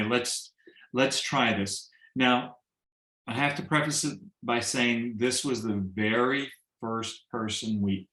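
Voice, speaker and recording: A man tells a personal story over a video call in an animated way, acting out quoted dialogue and slipping in jokes. His voice sits at a middle pitch, and the room around him gives it a noticeable echo. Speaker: guest sharing a testimonial.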